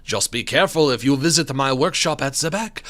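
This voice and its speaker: A man's voice: a little high, lively intonation, moderate pace, a bit bright. A man voicing an anxious, paranoid male painter in a video game, talking in a jittery, pleading way. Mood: frantic.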